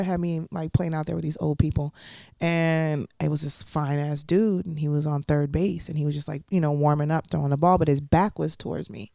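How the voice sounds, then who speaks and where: A young adult woman comedian telling stories in a casual podcast chat, animated and slangy, laughing often. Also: low-pitched, fairly quick, vocal fry, no room sound, studio quality. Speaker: comedian guest.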